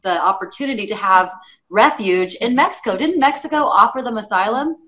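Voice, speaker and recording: A woman's voice: medium pitch, animated, a little fast, a bit bright. A woman panelist in a political talk show, indignant and emphatic. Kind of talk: political commentary chat.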